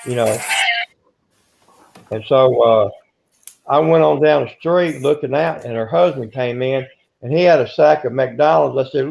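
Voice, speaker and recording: An older man in an interview, telling rambling stories in a gruff, self-interrupting way. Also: mid-range voice, unhurried, long pauses. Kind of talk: casual storytelling. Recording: dull lo-fi recording.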